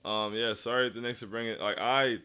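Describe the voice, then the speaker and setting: A man's voice: mid-range voice, fairly even intonation, a little fast, bright, forceful tone, clean tone. A man hosting a postgame livestream, reading chat comments, sounding dejected and down, often restarting his sentences. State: down after a loss. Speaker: stream host.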